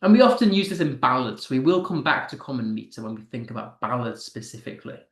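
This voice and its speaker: A man's voice: medium pitch, sing-song, fast talker. British male teacher, encouraging, stresses verse, echoey room. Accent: British English. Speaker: English teacher. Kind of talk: live online lesson.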